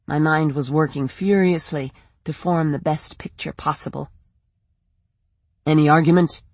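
An audiobook narrator reading a first-person story in a steady, measured way. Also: mid-range voice, creaky, no room sound.

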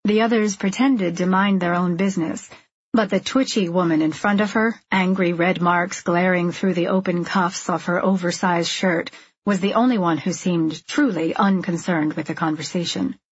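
A woman narrating a novel in a steady, measured and subdued way. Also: lowish voice, breathy edge, dull audio. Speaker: audiobook narrator. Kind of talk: scripted narration.

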